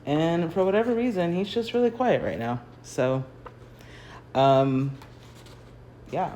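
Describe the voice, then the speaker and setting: A woman's voice: on the low side, expressive, slow pace, dark tone, a little hiss or hum. An American woman chats casually through a phone livestream while painting in her home garage. Her talk rambles, is full of fillers, and often breaks into laughter. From United States. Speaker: artist hosting a livestream. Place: home garage, early morning.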